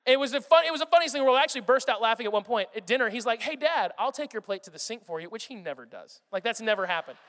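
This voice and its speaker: A man in his thirties preaching a sermon, telling animated family stories and acting out his children's voices. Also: extremely high pitch, racing, few pauses. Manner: animated storytelling, acts out his kids' voices. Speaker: pastor. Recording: reverberant hall sound.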